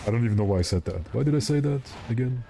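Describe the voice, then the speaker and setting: A man's voice: mid-range voice, expressive, rapid-fire, gravelly, warm tone, soft background music. A young man streaming a game, chatting casually and rambling with his viewers while he plays. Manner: rambling, joking, answers chat.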